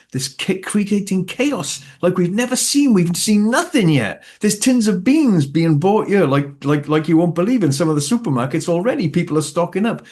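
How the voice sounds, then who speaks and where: A man hosting an interview, talking in a halting way with many restarts. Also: high voice, a little mellow. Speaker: podcast host. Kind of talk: conversational interview.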